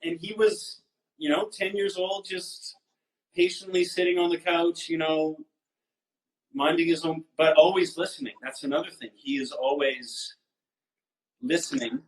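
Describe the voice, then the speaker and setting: A man in relaxed conversation, with a voice a little higher than average. He tells personal stories expressively and acts out the voices of the people in them. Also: measured pace, vocal fry, low-quality recording. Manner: expressive, sings snippets and acts out quotes. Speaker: musician and guest. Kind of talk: casual conversation, storytelling.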